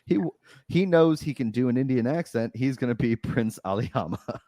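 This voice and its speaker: A man co-hosting a casual film podcast, an animated storyteller who laughs often. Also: mid-range voice, normal speed, dry recording. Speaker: podcast co-host. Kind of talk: casual movie review chat.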